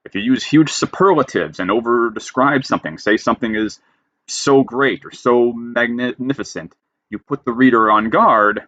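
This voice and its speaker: Emphatic writing teacher, low and dry. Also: male voice, a bit bright, no room sound, muffled recording. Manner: emphatic, reads a rule then explains it plainly. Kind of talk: lecture reading rules with commentary.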